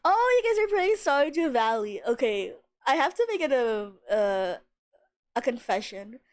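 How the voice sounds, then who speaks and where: A young woman streaming a video game live, chatting casually. She is excitable, greets viewers, and swears now and then. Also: on the high side, a little slow. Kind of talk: casual livestream commentary.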